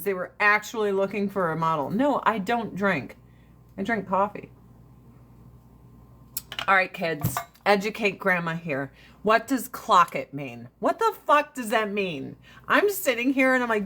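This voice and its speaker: A woman's voice: medium pitch, fairly bright tone. A woman in her forties chatting casually with viewers on a livestream, brash and profane, ranting and laughing often. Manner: laughs often between lines.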